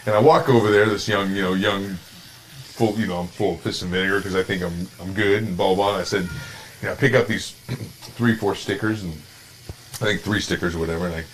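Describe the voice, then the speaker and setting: A man with a very deep voice recalls old times on a casual talk show. He rambles easily and trails off with fillers. A faint background hiss runs under it. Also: fairly even intonation, brisk, low-quality recording. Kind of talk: casual storytelling chat.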